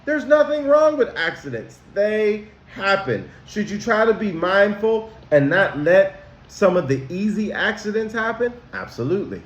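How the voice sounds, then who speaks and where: A man, a school counselor talking to students about manners, slow and emphatic, asking them questions. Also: sits high, very animated, muffled recording. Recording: roomy echo.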